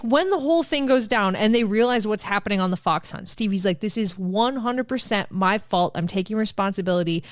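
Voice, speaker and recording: An exasperated woman co-host vents with plenty of swearing in a casual podcast chat. Her voice sits fairly high. The sound is dry and close, with no room around it. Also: dry recording. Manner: exasperated, profane ranting.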